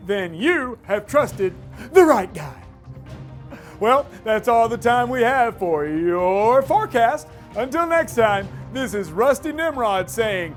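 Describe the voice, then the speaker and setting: A man's voice: extremely high pitch, full character voice. A man playing a cocky, boastful male TV weatherman in a kids' church comedy skit, with a smug, chuckling newscaster delivery.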